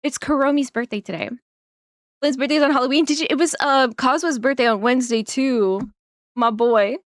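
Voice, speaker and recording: A woman's voice: sits high, a little fast, no echo, clean studio sound. A woman streamer chatting casually on a live stream, giggling often and rambling through plenty of fillers.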